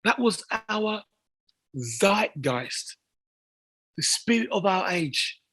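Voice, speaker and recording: A man, talking as an interview guest in excitable bursts, repeating words as he builds to near shouts. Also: high voice, extremely slow, slightly rough. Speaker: guest athlete. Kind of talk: casual interview chat.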